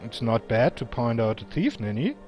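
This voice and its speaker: A man voicing a scarred, blunt male hero in a low, dry manner. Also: big pitch swings, normal speed, darkish tone, close to an everyday voice. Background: game music.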